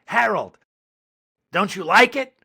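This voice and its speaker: A man's voice: high voice, expressive, slow, vocal fry, bright, forceful tone, slightly rough, pitched above the performer's own voice, exaggerated voice. A man voicing an indulgent mother who insistently coaxes her child. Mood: coaxing. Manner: coaxing, insistent.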